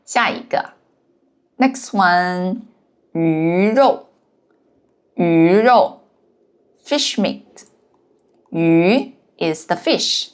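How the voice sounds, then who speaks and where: A woman who speaks natively, giving a language lesson and counting out the strokes of each character one by one. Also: fairly low pitch. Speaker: Chinese language teacher. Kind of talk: slow step-by-step lesson narration.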